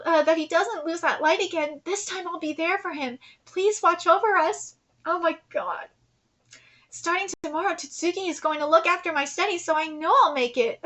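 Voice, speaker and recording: A woman's voice: high voice, fairly bright tone. A woman streamer reading manga aloud and reacting live, emotional and near tears, with laughing asides.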